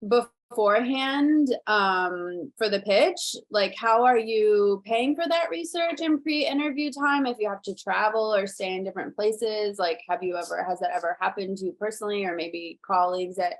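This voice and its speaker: A woman's voice: mid-range voice, moderate pace. A woman hosting a conversational interview in a mid-range voice. She is chatty and playful, slipping in dry sarcasm as she steers the talk to her next question. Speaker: host.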